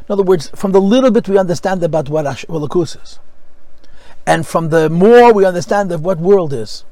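A man's voice: high-pitched, brisk, dark tone, dry recording, rough recording. A man teaching a Chassidic discourse class, explaining texts with rhetorical questions and many Hebrew terms. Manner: explanatory, mixes Hebrew and Yiddish terms with English. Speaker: Torah teacher.

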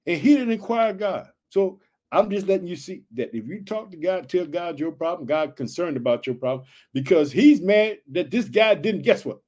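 Pumped up preacher guy, kinda high-pitched, reads scripture then riffs hard, keeps asking did you hear that. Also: darkish tone. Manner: fired-up, repeats catchphrases and questions to listeners; reads verses aloud then riffs on them. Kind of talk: energetic Bible teaching.

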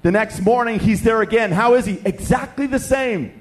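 A man's voice: high voice, normal speed. A middle-aged man from Canada, a pastor telling a funny story in a sermon and acting out the voices of the people in it. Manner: animated, jokey, acts out dialogue.

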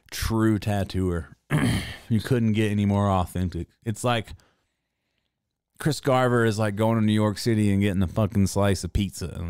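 Forty-something guy cussing his way through a story, low smooth voice, dry close sound. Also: darkish tone, no room sound. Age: 40s. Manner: profane, rambling storytelling with laughs. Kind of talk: casual chat.

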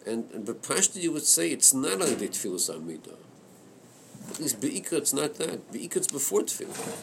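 Guy teaching a torah study class, gravelly voice, halting, keeps repeating words, faint hiss. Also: medium pitch, very animated. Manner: hesitant, halting, repeats words while reasoning aloud. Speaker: Chassidic text teacher.

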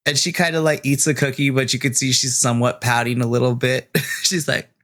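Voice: mid-range voice, flat delivery, a little fast, fairly bright tone. A game master narrating a tabletop scene in a rambling way, full of likes and restarts.

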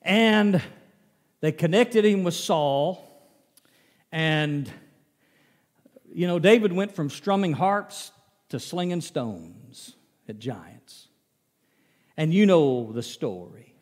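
A man preaches with a folksy, storytelling touch, his voice sitting notably high for a man. The sound carries a long, ringing reverb from a large hall. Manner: folksy storytelling, acts out Bible scenes. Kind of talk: sermon.

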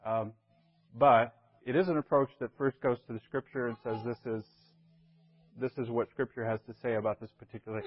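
A man's voice: medium pitch, steady tone, moderate pace, dull audio. Man teaching a Bible class. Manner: conversational, keeps checking in with the class. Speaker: church elder teaching a class.

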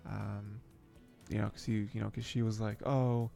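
Over soft background music, this anime podcast host rambles through a casual episode recap and commentary, chuckling often and using plenty of fillers. His voice is on the low side, gravelly and dark, delivered flatly at a moderate pace.

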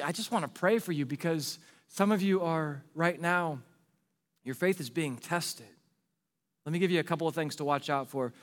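A man's voice: sits high, fairly bright tone, in a large hall. A male pastor preaching a sermon in an earnest, pleading way, repeating rhetorical questions to the congregation.

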